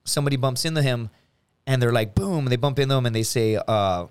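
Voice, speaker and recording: A man's voice: medium pitch, quick pace, clean tone. A man, a podcast guest, telling a profane story in casual chat, acting out the voices in it. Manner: animated, profane, acts out quotes.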